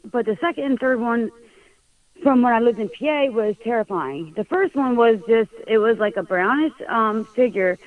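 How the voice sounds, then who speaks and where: A woman from Pennsylvania calling into a show, telling her story hesitantly with many pauses and fillers. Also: on the high side. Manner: hesitant, lots of ums. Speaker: caller. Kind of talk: phone call story. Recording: dull phone-line sound.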